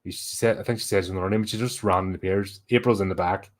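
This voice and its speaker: A man's voice: sits low, fairly even intonation, fast talker. A man hosting a horror podcast, giving a blunt, sweary and exasperated casual film review.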